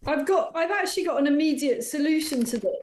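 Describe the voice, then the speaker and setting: A woman's voice: sits high, animated, fast talker, darkish tone, reverberant, a little hiss or hum. A woman appearing as a guest commentator on a talk show, making her case in an articulate, assertive way. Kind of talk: opinionated radio debate.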